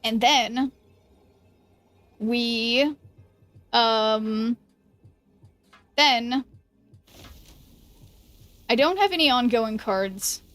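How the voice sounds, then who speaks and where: Woman game streamer, slightly high pitch, casual think-aloud commentary to chat, soft music bed. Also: no echo. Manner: thinks aloud, halting restarts, chats with viewers. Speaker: streamer playing a card game.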